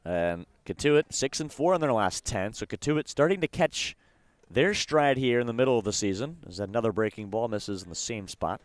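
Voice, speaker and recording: A young man calling baseball play-by-play, briskly calling each pitch between talk of the standings. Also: lively intonation, no echo. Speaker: play-by-play announcer.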